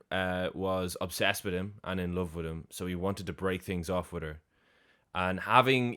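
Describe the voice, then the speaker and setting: Low-voiced man with wry asides. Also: fairly bright tone, clear, resonant tone. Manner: wry, joking asides with slang. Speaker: film podcast co-host. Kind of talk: casual chat about a film.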